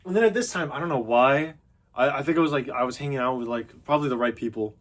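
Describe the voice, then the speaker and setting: A man's voice: medium pitch, quick pace. A young man talking casually to the camera as a fitness vlogger, loose and self-mocking, full of fillers and restarts. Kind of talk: casual rambling monologue.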